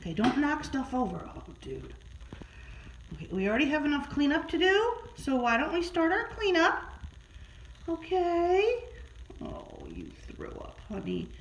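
A pet sitter in a client's home, cooing in high sing-song baby talk to a cat while filming on a handheld phone. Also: female voice, sing-song, moderate pace, a little hiss or hum, low-quality recording. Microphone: handheld phone camera.

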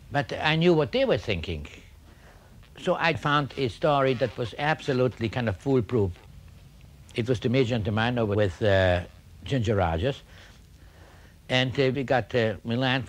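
Older man recalling with wry pauses. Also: medium pitch. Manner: halting, full of uh and restarts; wry storyteller. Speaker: film director. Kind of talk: reminiscing interview anecdote.

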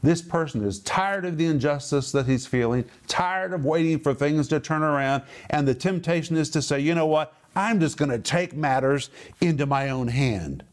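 A middle-aged man giving a television Bible teaching, emphatic, repeating phrases for stress and slowing down on key words. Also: a little high.

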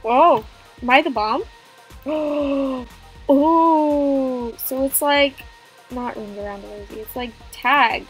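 High-voiced excitable woman gamer. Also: slow pace, faint music behind. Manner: excitable, gasping, jokey. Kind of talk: playful game commentary.

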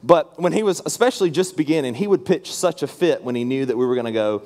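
A man's voice: medium pitch, animated, fast talker, darkish tone. A man in his thirties preaching a storytelling sermon as a guest pastor, earnest and conversational, often restarting his sentences. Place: church sanctuary. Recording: long reverb from a large hall.

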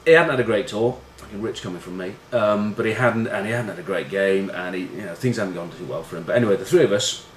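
Fairly low in pitch and quick with few pauses, a middle-aged man who once played rugby tells casual, rambling stories, swearing, self-deprecating and full of fillers. The recording has roomy echo and faint noise.

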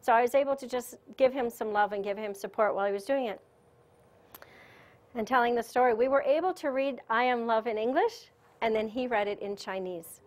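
Woman lecturer, a bit higher voice, lively storyteller who laughs easily, speaking to a conference room. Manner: chatty, animated storyteller who laughs often. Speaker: spiritual teacher giving a lecture.

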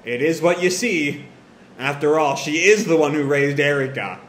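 A calm young woman with a flat, matter-of-fact delivery, read by a man in his own voice. An echoey room with faint hiss. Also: fairly high pitch, moderate pace, natural voice. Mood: dry.

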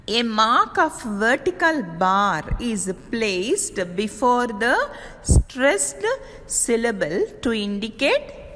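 A woman college teacher giving a recorded lecture, explaining slowly and deliberately and spelling words out letter by letter. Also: on the high side, fairly bright tone, big-room sound.

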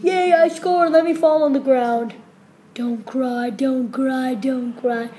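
High, hyper woman hamming it up. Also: dark tone. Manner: hyper, silly, rapid rambling with squealed cheers. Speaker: comedy video maker. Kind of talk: improvised comic sports skit.

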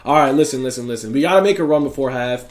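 A young man giving excited, trash-talking commentary over his own basketball video game play. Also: medium pitch, rapid-fire, faint music behind. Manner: hyped, trash-talking, reacts loudly to every play. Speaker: gaming YouTuber.

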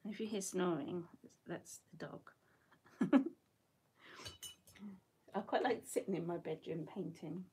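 A woman's voice: on the low side, a little slow, pauses often, warm tone, husky. A middle-aged woman chatting casually while she paints in her bedroom, rambling and laughing often. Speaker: watercolour artist.

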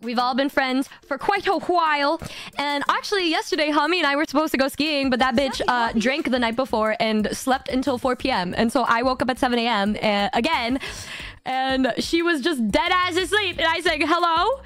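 A woman's voice: high-pitched, moderate pace, fairly bright tone. A woman in her twenties streaming, telling a story in casual chat, giggly and swearing freely, often stammering and repeating words. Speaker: vtuber streamer.

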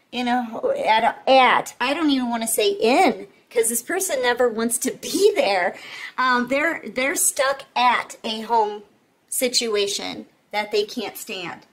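A woman delivers a tarot reading in a casual monologue, with a voice that sits a little on the high side. She talks intensely and emphatically, repeats key phrases, and keeps checking in with her listeners. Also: low-quality recording. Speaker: tarot reader.

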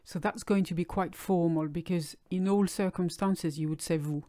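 A woman teaching French vocabulary in a clear, explanatory way, slowing down on key words. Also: on the low side, steady tone, warm tone. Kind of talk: language lesson.

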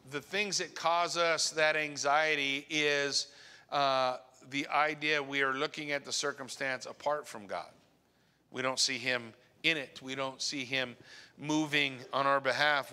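A man's voice: medium pitch, fairly even intonation, unhurried, clean tone. Earnest male pastor preaching in a church. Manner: earnest preaching, dropping to a hushed voice on key points. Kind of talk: sermon. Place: church sanctuary. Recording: long church reverb.

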